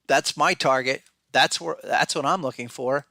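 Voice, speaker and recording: Bright, blunt male market commentator. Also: medium pitch, normal speed, dry recording, studio quality. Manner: blunt, conversational, thinks aloud with restarts. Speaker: podcast host and market analyst.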